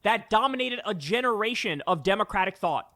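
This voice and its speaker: Male commentator, exasperated, high lively voice, dry close mic. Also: a little fast, no room sound. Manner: exasperated, emphatic arguing. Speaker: political commentator in a played clip. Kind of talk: political commentary.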